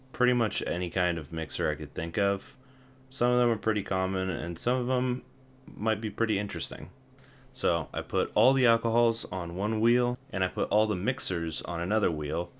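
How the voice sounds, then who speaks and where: A man's voice: low-pitched, fairly bright tone. A young man hosting a casual vlog, wry and self-deprecating, often laughing at himself. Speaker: vlogger.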